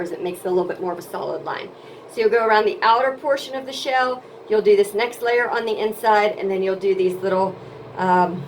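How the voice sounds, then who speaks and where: A woman teaches a craft project step by step, talking patiently and counting out each move as she demonstrates. Her voice sits a little high, with a faint hiss of background noise under it. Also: darkish tone, poor audio. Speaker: craft instructor.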